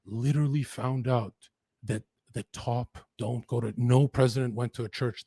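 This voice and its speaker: Husky, intense man telling his story. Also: medium pitch, fairly even intonation, dark tone, dry recording. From Lower Mainland, Canada. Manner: intense, profane, rapid-fire. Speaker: podcast guest. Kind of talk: candid storytelling in an interview.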